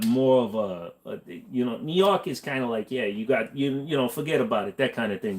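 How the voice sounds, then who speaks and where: A man's voice: medium pitch, a little mellow. A man hosting a casual livestream chat, rambling in a laid-back way with lots of fillers. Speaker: host.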